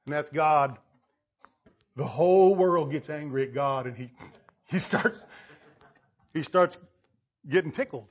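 Male pastor with a high voice, fiery sermon that swings from hushed to shouting, dull lo-fi recording. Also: unhurried, pauses often. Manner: swings from quiet to shouting, laughing.

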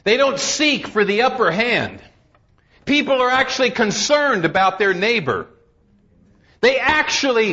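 A man preaching a sermon, emphatic and urging, reading scripture slowly and solemnly and dropping to low, intense tones. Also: bright, forceful tone, dull audio. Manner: reads scripture in slow, solemn cadence.

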